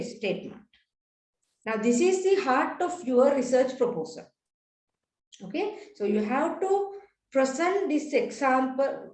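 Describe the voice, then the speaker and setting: A woman's voice: on the high side, darkish tone. A woman lecturing in an online lesson, patiently repeating key points and checking in with frequent "right?" tag questions, heard through a computer mic on a video call. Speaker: university lecturer. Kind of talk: online research methods lesson. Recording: roomy echo.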